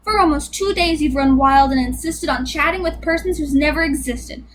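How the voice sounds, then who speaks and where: A woman's voice: high-pitched, moderate pace, background noise, natural voice. A woman voicing a sour female kangaroo who scolds scornfully.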